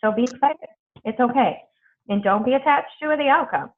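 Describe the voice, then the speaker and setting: A woman's voice: sits high, normal speed. A woman coaching her team on a video call, chatty and blunt, swearing freely. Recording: tinny phone-like video call audio.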